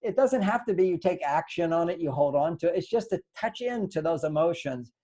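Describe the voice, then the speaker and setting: A man's voice: fairly high pitch, lively intonation, fairly quick, warm tone. An older man giving relationship advice in an earnest, lecturing way, acting out the lines he quotes. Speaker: relationship author and guest. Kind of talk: advice talk.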